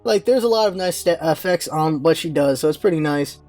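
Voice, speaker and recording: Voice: medium pitch, lively intonation, brisk, a little mellow, soft background music. A gaming channel host giving rambling, offhand casual commentary while browsing game menus.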